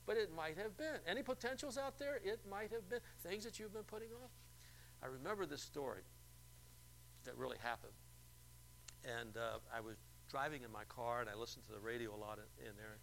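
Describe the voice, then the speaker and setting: A man's voice: medium pitch, lively intonation, fairly quick, vocal fry, a bit bright, slight background noise, low-quality recording. A male preacher telling a story in a church service and firing rhetorical questions at the congregation. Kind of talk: sermon.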